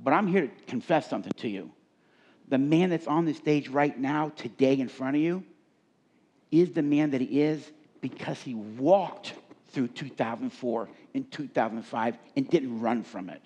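A man's voice: medium pitch, normal speed, darkish tone, breathy edge. A man preaching a sermon from a stage, emphatic and repeating key words for stress. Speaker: pastor. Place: on a stage before a congregation.

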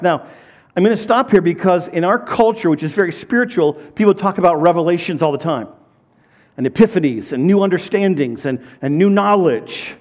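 A man's voice: sits high, animated, fairly quick, a little mellow. A middle-aged man preaching a sermon as a pastor, telling stories in a conversational way and repeating words as he builds up. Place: church.

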